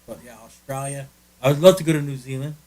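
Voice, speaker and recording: A man's voice: medium pitch, steady tone, fast talker, a little mellow, low-quality recording. A man co-hosting a casual podcast from a friend's living room, rambling and joking with lots of restarts. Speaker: podcast co-host. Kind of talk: casual chat.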